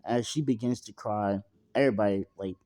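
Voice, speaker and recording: A young man with a lowish voice tells an improvised fan story from home. He rambles, leans on fillers and slang, and swears freely. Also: brisk, a little mellow. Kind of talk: casual improvised story narration.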